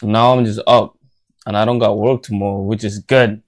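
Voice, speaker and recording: A man's voice: lowish voice, fairly even intonation, normal speed. A tired, half-asleep young man hosting a late-night livestream at home, rambling in slangy casual chat. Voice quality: tired, drowsy, mumbling. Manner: slangy, rambling, self-talking. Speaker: livestream host. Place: home bedroom.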